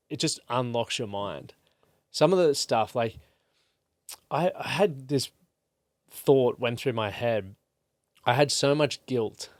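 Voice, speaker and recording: A man's voice: mid-range voice, no echo. A man in his thirties, a podcast guest, speaking earnestly and openly in casual chat full of "like.". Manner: earnest and open, with casual fillers like "like".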